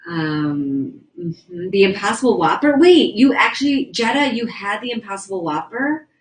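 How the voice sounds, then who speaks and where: A woman's voice: medium pitch, expressive, normal speed, rough recording. A young woman livestreaming, chatting casually and rambling as she reads viewer comments aloud from indoors. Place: indoors at a house.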